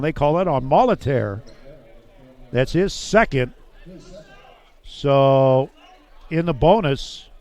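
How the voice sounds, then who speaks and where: A man's voice: medium pitch, a little mellow, highs cut off. A man calling a live basketball game play by play, chatty and thinking aloud as he goes. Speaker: play-by-play announcer.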